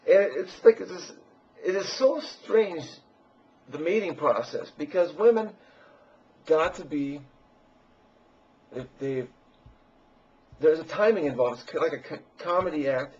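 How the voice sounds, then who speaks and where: A man's voice: on the high side, animated, a little slow, long pauses, a little mellow, husky. A man in a crude, boastful, meandering personal monologue, recorded lo-fi and muffled.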